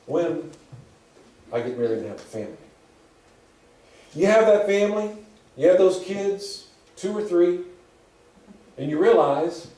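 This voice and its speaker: A pastor preaching a sermon in a conversational, repetitive storytelling way. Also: male voice, high voice, expressive, unhurried, pauses often, mellow. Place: church sanctuary. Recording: echoey hall from far off.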